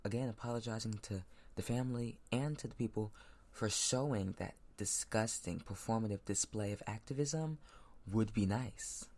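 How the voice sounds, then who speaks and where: A man's voice: lowish voice, normal speed. Heated man ranting on a podcast. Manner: heated, ranting, with sudden loud outbursts. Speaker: podcast host. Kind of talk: solo podcast commentary. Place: home room with a laptop.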